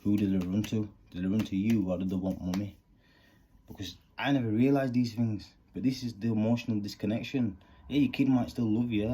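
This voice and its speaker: Deep earnest man. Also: fairly quick, mellow, a little hiss or hum. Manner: earnest, rambling, street slang. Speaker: vlogger. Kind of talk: candid monologue.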